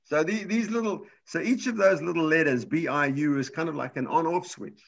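A man's voice: a little high, a little fast, creaky, lo-fi sound. A man teaching a computer class, explaining step by step in a patient way with frequent restarts. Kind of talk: live class lesson.

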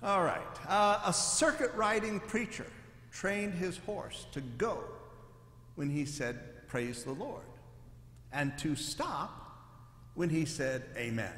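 A man's voice: sits high, slow pace, roomy sound, big-room sound. A man, a church pastor, telling jokes to his congregation and acting out the punchlines. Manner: animated storyteller, acting out the punchlines. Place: church sanctuary.

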